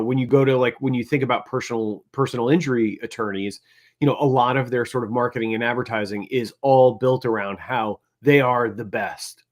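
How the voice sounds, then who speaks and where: A man co-hosting a casual panel talk, making his case analytically and often checking in with "right?". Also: mid-range voice. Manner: analytical, keeps tagging points with "right?". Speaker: co-host.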